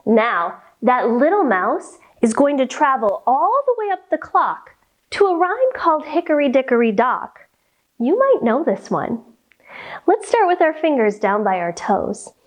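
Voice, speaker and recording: Slow sing-song woman teaching kids' yoga. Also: high-pitched, sing-song. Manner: slow, sing-song guidance with playful animal sounds. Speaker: children's yoga instructor. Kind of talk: kids' yoga and story warm-up lesson.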